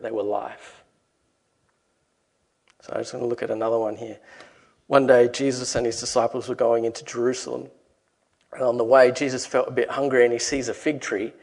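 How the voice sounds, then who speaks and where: A man preaches in a casual, storytelling way, now and then lifting his voice to act out the lines of the people in his story. His voice sits at an ordinary middle pitch, and he speaks plainly to the congregation. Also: a little mellow. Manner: conversational storytelling, acts out quoted lines. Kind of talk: sermon.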